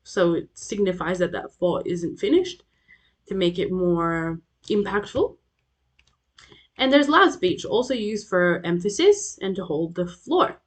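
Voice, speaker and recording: A woman's voice: on the low side, expressive, a little slow, slightly rough. A young adult woman with an Australian accent, a tutor explaining a lesson over slides, with fillers and frequent checks like "okay?". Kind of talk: recorded lecture over slides.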